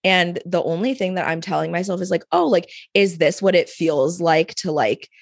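A young woman with a slightly low voice talks in a loose, chatty way, scattering "like" through her sentences. She sounds close and dry, with no room around her. She laughs easily while co-hosting a casual podcast. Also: normal speed, vocal fry, no echo. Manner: chatty, fillers of "like", frequent laughter. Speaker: podcast co-host. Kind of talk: casual chat.

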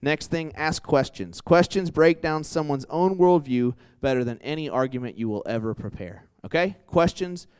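A man's voice: on the high side, lively intonation, normal speed, few pauses, clear, resonant tone. A young man giving a casual campus sermon, telling stories and acting out quotes, with many "like"s and restarts. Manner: conversational, lots of "like" and restarts, acts out quotes. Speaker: campus ministry preacher.

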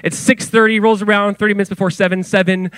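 High-voiced, chatty young pastor. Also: male voice, fast, smooth, no room sound. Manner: casual, excitable storytelling with many "like"s. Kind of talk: sermon.

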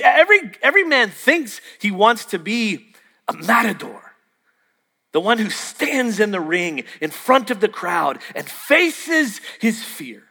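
A man's voice: high voice, very animated, unhurried, gravelly, bright, forceful tone. A man preaching a sermon, telling a story and acting out the dialogue with jokey asides. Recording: long hall reverb.

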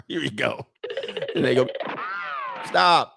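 A man's voice: medium pitch, noisy background. Emphatic man ranting on a livestream. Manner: animated, laughing, emphatic. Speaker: livestream host. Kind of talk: casual livestream rant.

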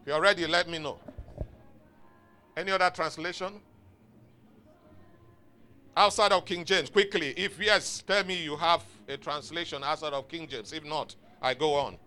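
A man's voice: a little high, steady tone, normal speed, sharp tone. A man preaching a sermon in a church, emphatic and exhorting, calling out to his congregation for responses. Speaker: pastor. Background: faint music from outside.

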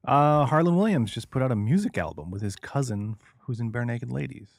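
A man with a gravelly, husky voice answers from the podcast studio. He speaks in short, laconic replies that sound dry and close. His pitch moves around a lot even in these few words. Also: brisk, no echo. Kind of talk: casual chat.

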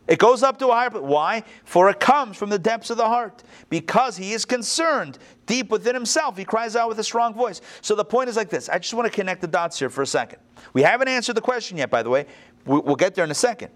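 A man leading a text-study class with a voice pitched a little above most men's. He reads from the book and then talks it through in a loose, lively way, with quick asides and restarts. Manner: conversational, animated, with restarts and asides. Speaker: Torah teacher.

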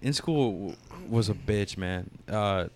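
A young man with a fairly low voice chats with friends. He is laid-back and slangy, and he swears freely. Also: slow pace, slight background noise. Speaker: podcast co-host. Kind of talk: casual chat among friends.

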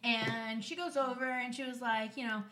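A young woman co-hosting a podcast, telling a story in casual chat, animated and acting out quoted dialogue with frequent laughter. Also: a little high, normal speed. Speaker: podcast co-host. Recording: echoey room.

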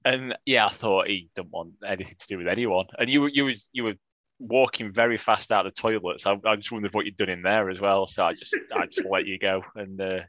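A man's voice: on the low side, fairly even intonation, fast talker, fairly bright tone, no room sound, dull audio. A man co-hosting a football fan podcast, chatting casually with wry, teasing banter and frequent restarts. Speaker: podcast co-host.

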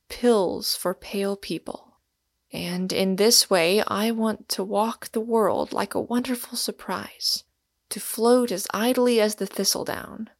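A woman's voice: mid-range voice, dry recording, studio quality. A woman reading the part of a massive, earnest young man in an audiobook, speaking with urgent, pleading passion.

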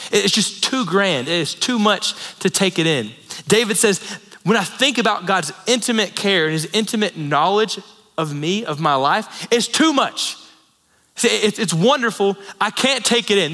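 Preaching in a large hall with long reverb, a man in his thirties, a pastor, tells his sermon like a story and chats in asides to the congregation. His voice is high with a sharp tone.

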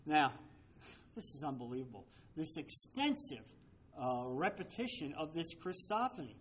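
A man's voice: a little high, expressive, a little slow, fairly bright tone, slight background noise. A man teaching a Bible study, emphatic, often checking with his listeners through rhetorical questions.

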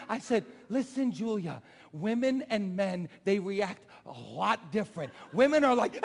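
A middle-aged man preaching a sermon, telling a personal story in an animated way and shouting out quoted voices. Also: sits high, unhurried, creaky. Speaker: pastor. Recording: long hall reverb.

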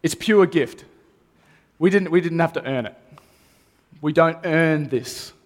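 A man's voice: a little high, measured pace. A man, a pastor, preaching a sermon earnestly and repeating key phrases for emphasis. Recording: long reverb of a hall.

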